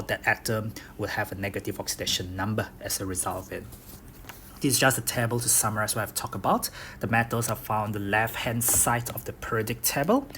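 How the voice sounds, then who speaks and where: A man's voice: fairly low pitch, a bit bright, a little hiss or hum. Man giving a step-by-step chemistry lecture. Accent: Bruneian. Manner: explains step by step, repeats key points, says "okay?" often. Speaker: chemistry tutor. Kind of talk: recorded lecture over slides.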